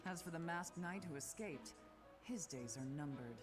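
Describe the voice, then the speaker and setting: A woman's voice: low voice, expressive, moderate pace. An actress playing a proud, fierce female knight who speaks bluntly of revenge. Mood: grim resolve. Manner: blunt and vengeful. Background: game music.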